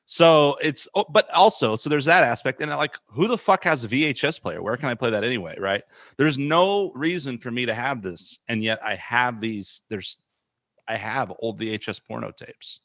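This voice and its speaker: A man hosts a podcast in a bright, forceful mid-range voice. He jokes crudely and swears freely while bantering with his guest. The sound is close and dry. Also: mid-range voice, animated, normal speed, dry recording. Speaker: podcast host. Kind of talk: casual podcast chat.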